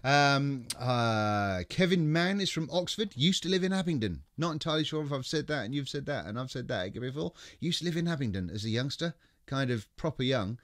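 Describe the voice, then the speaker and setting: A man's voice: medium pitch, lively intonation, fairly quick, a bit bright, dry recording, studio quality. A man hosting a casual livestream, reading out viewer greetings and stumbling cheerfully over names. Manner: chatty, stumbles over names, laughs often, swears casually. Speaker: livestream host. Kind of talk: casual live chat reading viewer comments.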